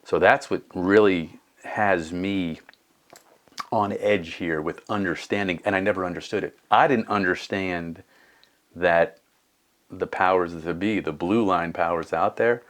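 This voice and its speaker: A man's voice: deep voice, fairly even intonation, a little slow, fairly bright tone. A man in his fifties talking earnestly in a casual conversation, thinking aloud and restarting his sentences. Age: 50s.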